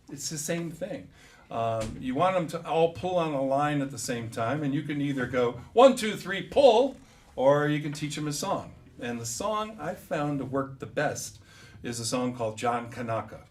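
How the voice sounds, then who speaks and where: An older man, a folk singer, chatting between songs at a live coffee house concert in a relaxed, storytelling way as he leads the crowd in singing. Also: mid-range voice, far from the mic, slight background noise. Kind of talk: between-song stage patter at a live concert. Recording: echoey live room, heard from afar. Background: acoustic guitar.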